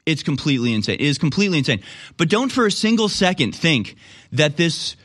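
A man's voice: a little high, sing-song, fairly quick, a bit bright. A man hosting a political commentary show, talking in a sarcastic, incredulous way with frequent laughs.

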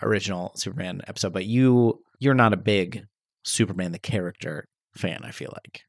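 A man's voice: low-pitched, brisk, vocal fry, dry recording, clean studio sound. A man co-hosting a podcast, talking playfully and thoughtfully about a movie. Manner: playful, reflective, laughs easily. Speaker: podcast co-host. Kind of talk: casual movie chat.

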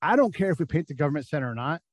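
This guest, a middle-aged ex-military intelligence officer, races through candid war stories in a casual interview, cursing freely and doing voices for those he quotes. His pitch is fairly high with big swings. The audio is poor, with no echo.

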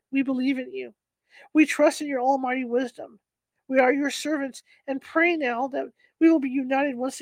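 Woman reading as a scared stranded woman, high voice, pleading, dry close sound. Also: a little mellow, dry recording. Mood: prayerful. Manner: pleading, anxious. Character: frightened woman stranded in the desert.

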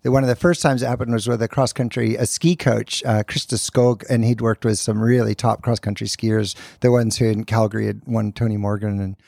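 A man who is a sports scientist, telling a story with hesitant pauses and fillers. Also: on the low side, steady tone, gravelly, darkish tone, dry recording, studio quality. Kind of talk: casual anecdote.

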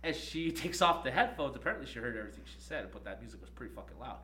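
A young man on a podcast telling a story in a casual, profane, animated way, laughing often. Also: mid-range voice, rapid-fire, slight background noise. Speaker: podcast co-host.

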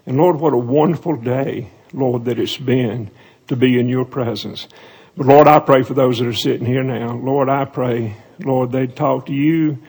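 Man, preacher, earnest pleading sermon, gravelly voice, husky tone. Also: mid-range voice, fairly even intonation. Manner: earnest, pleading, drops to soft slow prayer. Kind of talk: sermon altar call and prayer.

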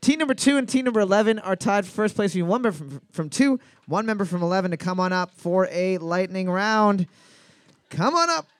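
Joking man as bar trivia host, high voice, dry close sound, crude banter between questions. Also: smooth, dry recording. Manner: joking, irreverent, reads questions slowly. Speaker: trivia night quiz host.

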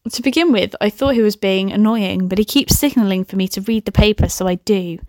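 Speaking a little fast in a mid-range voice with a darkish tone, a young woman reads her own old comic story on her podcast. She frequently drops into chatty, giggling side comments laced with swearing. The studio-quality recording has no room sound.

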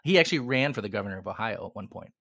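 Male co-host, meandering casual talker, lowish voice. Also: animated, rapid-fire, pushed and bright, dry recording. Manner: rambling, with frequent restarts and chuckles. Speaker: podcast co-host. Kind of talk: casual chat.

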